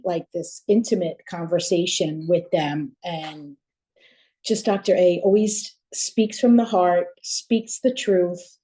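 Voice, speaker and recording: A woman's voice: on the low side, warm tone. A middle-aged woman sharing earnestly on a group video call, with many fillers. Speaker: call participant.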